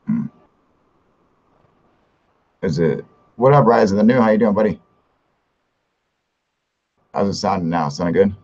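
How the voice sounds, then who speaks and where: A man's voice: low-pitched, expressive, unhurried, long pauses, darkish tone, muffled recording. A man hosting a live stream in casual chat, talking loosely and profanely, chuckling often and greeting viewers by name. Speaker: livestream host.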